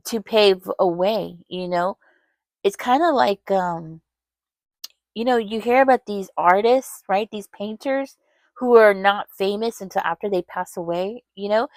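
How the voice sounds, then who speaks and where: A woman doing a casual tarot reading, speaking right to the listener at an ordinary pitch. She rambles, repeats herself and keeps slipping in fillers. Her voice is dry and close, with no room sound. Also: no echo. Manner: rambling, talks straight to the viewer, many "you know" fillers and restarts. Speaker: tarot reader.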